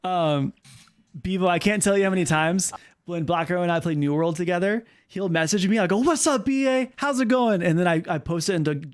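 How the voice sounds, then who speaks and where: A man hosting and shoutcasting a game tournament on stream. He rambles and jokes between calls, with a voice that sits a little high for a man. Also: steady tone, brisk, smooth. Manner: rambling, joking, full of fillers. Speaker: host and caster. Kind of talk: casual esports shoutcasting stream.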